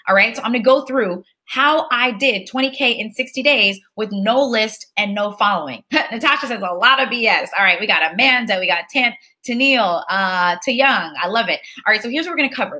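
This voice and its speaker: A woman leading a live online webinar, energetic and chatty, calling for amens like a preacher and reading out audience names. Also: on the high side. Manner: energetic, preacher-like call and response. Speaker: online course instructor.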